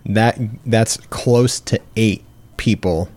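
A man co-hosting a casual chat, reading out statistics in a relaxed, hesitant way. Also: lowish voice, slow.

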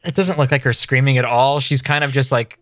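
A man's voice: medium pitch, fairly quick, no room sound. A man hosting a podcast, recapping an old TV episode in a jokey, rambling casual chat. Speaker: podcast host.

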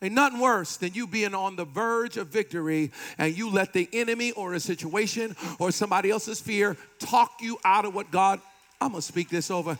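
A man preaching a sermon with animated delivery, playful asides and call-and-response with the congregation. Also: high-pitched. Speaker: pastor.

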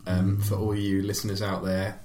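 A man co-hosting a casual podcast, quiet, dry and brief, on a podcast microphone. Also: low-pitched, completely flat delivery, moderate pace. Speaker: podcast co-host. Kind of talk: casual chat.

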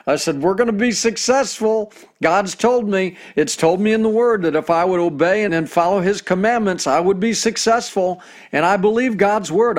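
A middle-aged man preaching a sermon as a pastor, earnest in tone and slowing down to read scripture aloud. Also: high-pitched. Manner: earnest, reads scripture slowly.

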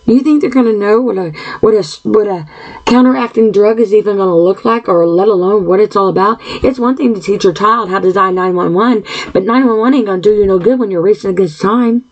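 A woman's voice: mid-range voice, brisk, muffled recording. A woman hosting a solo podcast monologue, speaking in an earnest, emotional way with frequent sighs and restless repeated questions. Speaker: podcast host.

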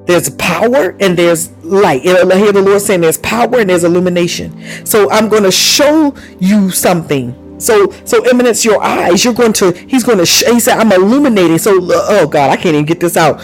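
Man, preacher, high voice, fervent, exclamations of praise, speaking in tongues, faint music behind. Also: moderate pace, low-quality recording. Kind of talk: charismatic sermon.

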